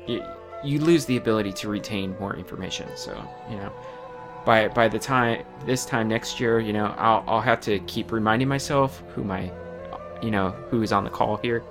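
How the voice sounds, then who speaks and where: Male co-host, lowish voice, chatty and self-mocking, faint music in the background. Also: normal speed. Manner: jokey, self-deprecating, chatty. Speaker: podcast co-host. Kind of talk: casual gaming podcast chat.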